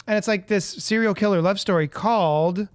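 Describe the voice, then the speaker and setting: A man's voice: high voice, moderate pace, clear, resonant tone, no room sound, studio quality. A man co-hosting a podcast, telling stories in a jokey, self-mocking casual chat. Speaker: podcast co-host.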